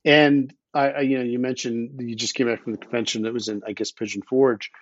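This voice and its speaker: A man's voice: mid-range voice, little pitch movement, fairly quick, no room sound, lo-fi sound. A man speaking as a podcast guest in casual conversation, blunt and opinionated, swearing now and then, often restarting his sentences, while he has the hiccups. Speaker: podcast guest, underwater explorer.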